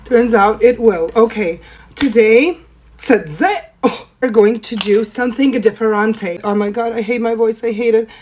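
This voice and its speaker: A young woman with a hoarse, rough voice from a cold, chatting playfully through a makeup tutorial. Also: moderate pace, a little mellow, a little hiss or hum. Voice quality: deep, rough voice. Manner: playful, self-mocking, chatty. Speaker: makeup vlogger. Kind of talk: casual makeup tutorial chat.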